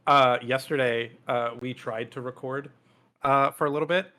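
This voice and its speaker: A man's voice: mid-range voice, fairly even intonation, moderate pace, sharp tone. A man co-hosting a podcast, explaining things loosely with lots of fillers in casual chat. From United States. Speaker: podcast co-host.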